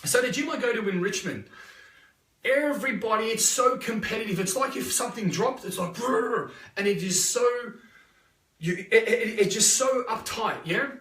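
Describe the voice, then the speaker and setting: A man's voice: high-pitched, lively intonation, normal speed, sharp tone, roomy sound, distant mic. An Australian man giving a live motivational talk, blunt and full of swearing as he tells stories. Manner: blunt, swears freely, restless storytelling. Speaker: motivational speaker.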